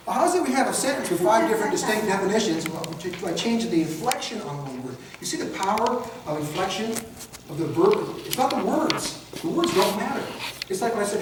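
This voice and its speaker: High-voiced man lecturing in an echoey room. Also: fairly quick, a little hiss or hum. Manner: animated, acts out examples in mocking voices. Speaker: de-escalation trainer. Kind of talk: classroom lecture. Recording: echoey room, recorded from far off.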